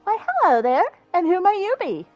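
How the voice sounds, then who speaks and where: A woman's voice: extremely high pitch, sing-song, moderate pace, no room sound, lo-fi sound, faint music behind, pitched above the performer's own voice. A woman voicing a welcoming female innkeeper in a game, with a genial, lilting manner. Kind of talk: voicing game dialogue aloud.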